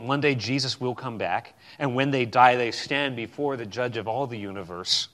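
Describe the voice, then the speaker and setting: A pastor preaching a sermon with emphatic swings between loud declarations and quiet, low passages. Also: male voice, normal speed, hardly any pauses.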